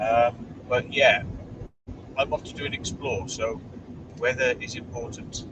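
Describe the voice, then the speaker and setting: A man's voice: medium pitch, steady tone, a little slow, highs cut off. A man hosting a casual live stream from inside his car as he drives, chatting and reading out viewer comments. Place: inside a car while driving. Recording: distant mic with loud car noise.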